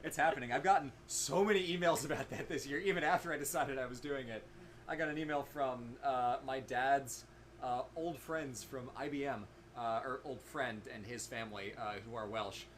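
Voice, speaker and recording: A man co-hosting a game stream, joking dryly and pausing often with fillers. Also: mid-range voice, a little hiss or hum. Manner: dry humor, hesitant with many fillers. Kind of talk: casual chat while gaming.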